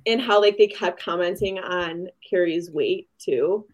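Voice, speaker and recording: A woman's voice: lowish voice, a little slow, lo-fi sound. A woman co-hosting a book review podcast, chatting casually, laughing often and acting out quotes. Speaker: podcast co-host.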